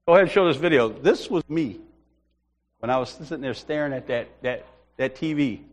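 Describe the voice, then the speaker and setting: A man's voice: medium pitch, a little fast, slight background noise. A man preaching a sermon, telling a comic personal story, acting out other people's voices and laughing often.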